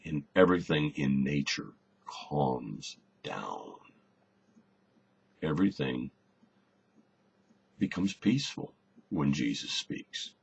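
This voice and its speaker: A man teaching a conversational Bible lesson, relaxed and thinking aloud, often repeating a word as he searches for the next one. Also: a bass voice, creaky, husky. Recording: slightly dull recording with faint hiss.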